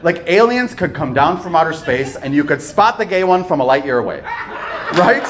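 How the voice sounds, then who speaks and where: Lively higher-voiced male stand-up comic. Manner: animated, playful delivery with pauses for laughs. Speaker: stand-up comedian. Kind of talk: live stand-up set. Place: comedy club stage. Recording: noisy live club recording.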